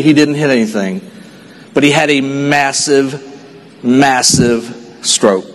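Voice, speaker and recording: Earnest storytelling man in a reverberant hall. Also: medium pitch. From Texas. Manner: earnest storytelling, dropping quiet for sad moments. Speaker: speaker at a sales convention. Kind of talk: motivational stage speech.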